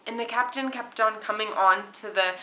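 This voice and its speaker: Bright valley-girl woman in echoey room. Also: mid-range voice, fairly even intonation. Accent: Southern California valley girl. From California, USA. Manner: chatty, fast-flowing, many likes and oh my goshes. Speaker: flight attendant vlogger. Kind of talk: casual chat to camera. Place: small hotel quarantine room.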